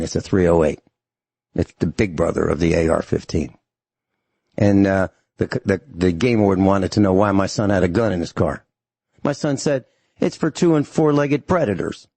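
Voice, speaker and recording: A man's voice: on the low side, vocal fry, darkish tone, no room sound. A man hosting a talk radio show, ranting angrily and emphatically to his listeners.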